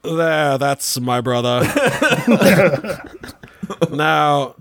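Man, fairly high voice, slow and stately mock-host delivery. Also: very animated, gravelly, a bit bright. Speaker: podcast co-host. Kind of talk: improvised comedy podcast.

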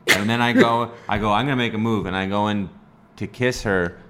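A man's voice: lowish voice, steady tone, a little fast, a bit bright. A man co-hosting a casual chat, telling a long rambling story from Canada and laughing through it with many restarts. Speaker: podcast co-host telling a story.

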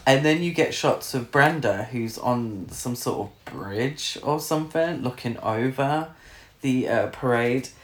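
A man co-hosting a relaxed chat about a film, laughing often, swearing freely and sometimes mimicking characters. His voice sits at an ordinary pitch. The room around him is echoey. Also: unhurried. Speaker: film review podcast co-host. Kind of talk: casual chat.

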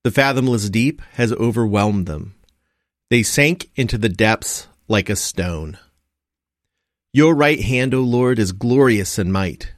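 A man reciting psalms, canticles and scripture for evening prayer in a steady, reverent, measured way, pausing between phrases. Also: on the low side, dry recording, clean studio sound. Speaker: liturgical reader. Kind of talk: measured liturgical scripture reading.

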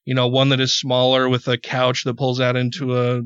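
A man's voice: mid-range voice, monotone, normal speed, fairly bright tone, smooth, no room sound. A man hosting a podcast, telling a rambling story in casual chat, cursing freely and repeating words when worked up. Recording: dull, dry podcast audio.

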